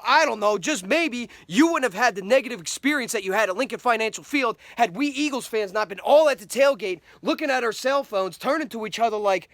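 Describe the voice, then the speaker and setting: A man tears into rival sports fans in a mock-serious comedy rant. His voice is unusually high, and his tone is sarcastic and scolding. The recording is dry and close, with no room echo. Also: a bit bright. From Philadelphia. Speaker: comedy vlogger.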